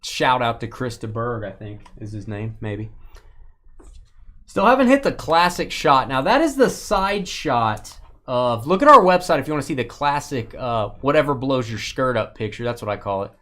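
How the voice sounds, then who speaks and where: A man's voice: medium pitch, big pitch swings, moderate pace, pushed and bright. A man hosting a live card-breaking stream, chatting casually and joking with viewers as he opens packs.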